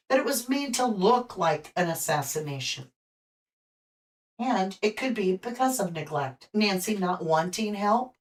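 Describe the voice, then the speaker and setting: A woman's voice: mid-range voice, recorded from a distance. A woman hosting a live stream, reading tarot cards and chatting with viewers in a speculative, friendly way, with hiccups today. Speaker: host and tarot reader.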